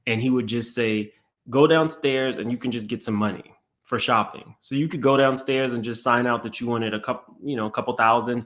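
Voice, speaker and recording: A man's voice: on the low side, a bit bright. A man hosting a live stream, chatting casually and reading viewer messages aloud. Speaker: channel host.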